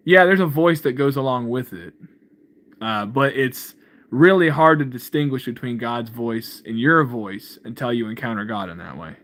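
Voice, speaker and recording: A man's voice: medium pitch, animated, normal speed, fairly bright tone. A man hosting a casual livestream about faith, reading viewer comments and answering them. He rambles loosely, chuckles often and keeps saying "man".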